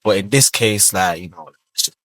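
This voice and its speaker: A man hosts a reaction video, talking loosely with lots of fillers and swearing. His voice sits a bit low. The sound is close and dry. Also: moderate pace, a bit bright, no room sound. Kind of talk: casual commentary.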